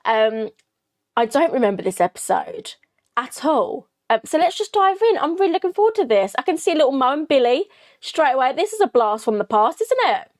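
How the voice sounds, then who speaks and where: A woman's voice: high voice, sing-song, fairly quick. A young woman from Kent hosting a reaction video, chatting casually and peppering her talk with "you know" and "like". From Kent, England. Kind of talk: casual chat.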